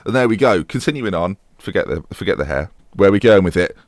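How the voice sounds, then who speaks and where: A young man commenting on his own football management game, chatty and self-mocking, excitable when the match heats up. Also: sits low, quick pace, no room sound, clean studio sound. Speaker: gaming YouTuber.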